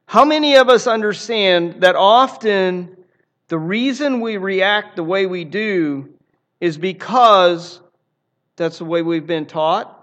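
A man's voice: high-pitched, slow pace, a bit bright. A man preaching a sermon in an earnest, emphatic way, often repeating phrases for emphasis. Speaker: pastor.

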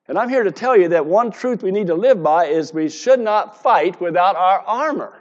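A man's voice: sits high, lively intonation, moderate pace, few pauses. Male pastor delivering a sermon, emphatic scripture reading, dull lo-fi recording. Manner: preaching, reading scripture aloud with rising emphasis.

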